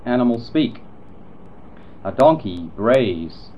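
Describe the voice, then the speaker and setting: A man reads an animal-sounds lesson at a very slow, deliberate pace. His pitch rises and falls a lot as he names each animal. The recording is dull and lo-fi, with a faint hiss behind him. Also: very animated. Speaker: narrator.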